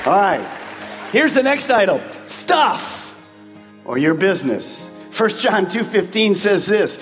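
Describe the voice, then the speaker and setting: A man's voice: high voice, very animated, takes it slowly, fairly bright tone, soft background music. Pastor guy, emphatic conversational sermon, big church hall ring on the voice. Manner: conversational, emphatic preaching with rhetorical questions. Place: large church sanctuary. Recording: long church-hall reverb.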